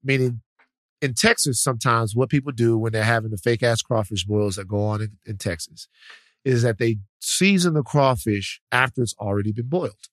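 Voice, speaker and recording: A man from Louisiana co-hosting a podcast, talking in an animated, joking way full of restarts. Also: mid-range voice, normal speed, no echo. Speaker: podcast co-host. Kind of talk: casual chat.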